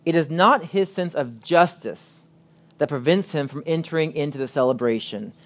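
A man preaching a sermon, reading scripture aloud and stressing points with emphatic pauses. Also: on the high side.

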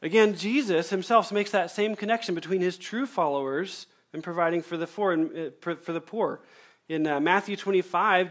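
A male pastor preaching a sermon, emphatic and measured, repeating key phrases and slowing down to stress them. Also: sits high.

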